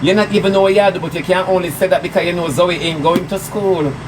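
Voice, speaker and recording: A high-pitched man with a Jamaican accent rants mockingly on a live stream, heaping sarcastic scolding on his targets. He sits back from the mic, and loud background noise runs under his voice. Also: steady tone, quick pace, far from the mic. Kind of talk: ranting live-stream monologue.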